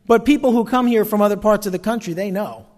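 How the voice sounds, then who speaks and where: A man's voice: high voice, quick pace, darkish tone, big-room sound. A man with a North Jersey accent, preaching a sermon in a chatty way, full of asides and questions to the congregation. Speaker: pastor.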